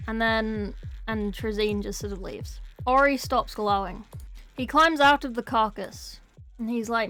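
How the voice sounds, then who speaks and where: A woman's voice: fairly high pitch, moderate pace, a bit bright, soft background music. A woman casually reading a novel aloud, with playful, chatty asides. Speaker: book reader.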